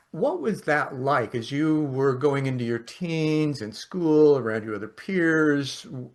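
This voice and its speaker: A man hosting a conversation podcast, musing and often ending thoughts with "right?". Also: medium pitch. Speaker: podcast host. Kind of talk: casual conversation.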